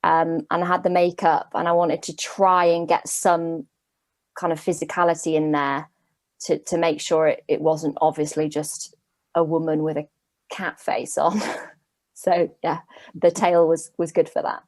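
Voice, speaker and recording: An actress answering interview questions about her role over a video call, chatty and lively, laughing now and then. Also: low-pitched, a little slow, no echo. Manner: lively, laughs while explaining.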